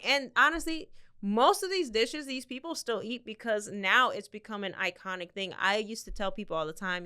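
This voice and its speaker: A woman's voice: medium pitch, normal speed, pushed and bright, smooth. A woman hosting a casual interview podcast, chatty and effusive, telling stories and asking questions. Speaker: podcast host.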